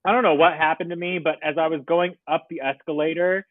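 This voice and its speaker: A man as a podcast guest, telling a story in an animated, casual way and laughing often. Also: fairly high pitch, fast, no echo. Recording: tinny phone-like line, dry.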